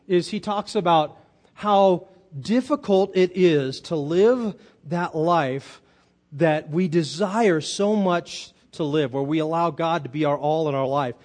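A man preaching a sermon, telling a personal story and rising to loud, emphatic peaks. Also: sits high. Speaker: pastor.

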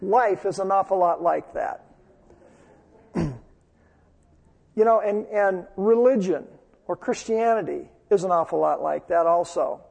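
A man's voice: high voice, unhurried, vocal fry, long pauses, a little mellow, in a large hall. A man preaching a sermon as pastor, telling a story earnestly and repeating phrases for emphasis.

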